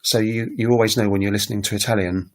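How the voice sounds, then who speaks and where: A man's voice: lowish voice, fairly even intonation, quick pace. A man hosting a casual language-learning livestream. He thinks aloud with frequent ums and makes self-deprecating asides. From United Kingdom. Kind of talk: casual solo livestream talk.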